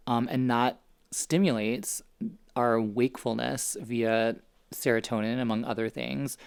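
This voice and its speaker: A man's voice: mid-range voice, clear, resonant tone. A man vlogging at home in a casual, rambling way, explaining skincare and anti-aging science. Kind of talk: casual vlog chat. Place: home, indoors.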